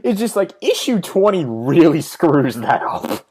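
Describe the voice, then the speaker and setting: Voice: mid-range voice, sing-song, unhurried, darkish tone, slightly rough. A co-host chiming in with wry asides during a casual comic book chat. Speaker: podcast co-host.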